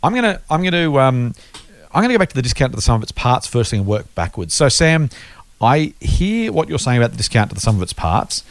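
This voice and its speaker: A man's voice: medium pitch, big pitch swings, quick pace. A man co-hosting an investing podcast, explaining points patiently with worked examples in casual chat. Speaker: podcast co-host.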